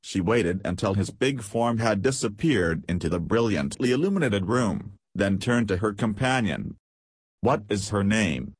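A man narrating an audiobook in a steady, measured reading. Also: lowish voice, slightly rough, no room sound.

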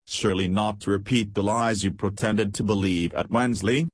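Audiobook: an angry, stern young officer type, read by a male narrator; husky, dry. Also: fairly low pitch, fairly even intonation, moderate pace, no echo. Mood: stern anger. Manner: stern, contemptuous. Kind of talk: audiobook character reading.

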